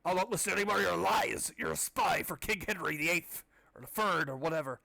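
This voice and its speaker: A man's voice: a little high, fast talker, vocal fry, sharp tone, no echo, heavily acted. A man voicing a proud, stern knight who sticks to the rules, giving stiff formal commands in a storybook reading.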